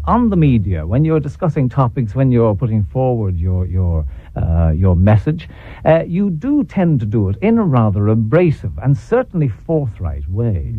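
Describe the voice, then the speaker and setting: A man's voice: mid-range voice, breathy edge, dry recording. A man hosting a radio talk show, chatty and probing with his guest. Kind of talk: radio interview. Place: radio studio. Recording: dry tinny 1980s radio broadcast.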